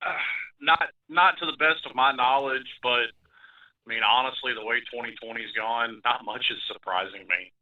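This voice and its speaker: Regular co-host, man, wry deadpan quips, dull lo-fi line. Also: mid-range voice, moderate pace. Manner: dry, joking asides. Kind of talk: live call-in sports talk.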